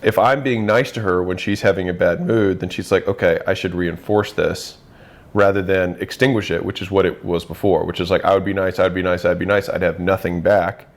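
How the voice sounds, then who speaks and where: A man's voice: deep voice, a little fast, hardly any pauses. A man talking through ideas in a casual conversation, acting out quoted voices as he goes. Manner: animated, acts out quoted voices.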